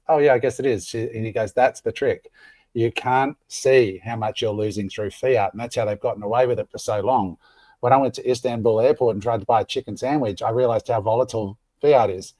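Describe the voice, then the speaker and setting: A man's voice: fairly low pitch, darkish tone, dry recording. A man hosting a podcast, chatting casually and retelling stories with quoted back-and-forth. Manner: storytelling, acts out quoted exchanges. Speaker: podcast host.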